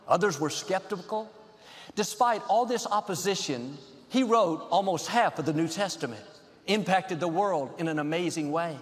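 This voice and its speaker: A man preaching a sermon as pastor, upbeat and measured, building points in rhythmic lists. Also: sits high, big-room sound.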